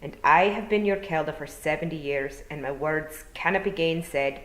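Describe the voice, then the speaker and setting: A woman's voice: sits low, natural voice. A woman doing a dying old pixie matriarch with a Scottish brogue. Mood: commanding. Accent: put-on Scottish. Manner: slow, weak, murmuring. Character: dying tiny old pixie clan mother, shrewd and commanding. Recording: roomy echo.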